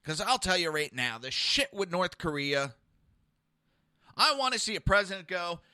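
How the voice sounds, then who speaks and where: Brief: male podcast host, high-pitched, dry close sound, aggressive and crude commentary. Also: lively intonation, normal speed, bright, forceful tone, smooth, dry recording. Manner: aggressive, profane, mocking. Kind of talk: political commentary rant.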